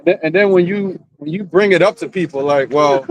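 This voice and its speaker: A man's voice: high-pitched, a little fast. A man in a casual religious discussion who speaks fervently, rebuking people with rhetorical questions.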